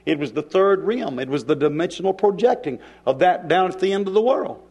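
Lively high-pitched male preacher. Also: husky. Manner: preaching with dramatic pauses and shifts in pace. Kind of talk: sermon.

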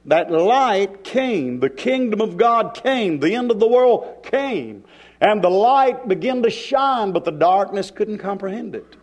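A male preacher delivering a sermon in a church, with dramatic pauses and shifts in pace. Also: sits high, lively intonation, a little mellow.

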